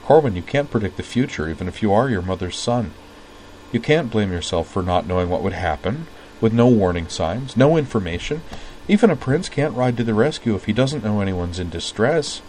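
A man voicing a gentle young woman who reassures a grieving friend in a soft voice. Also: on the low side, lively intonation, a little fast, slight background noise, lightly acted, low-quality recording. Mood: consoling.

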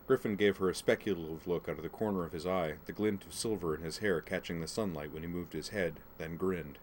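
Brief: male audiobook narrator, lowish voice, steady storytelling, faint background hiss. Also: brisk.

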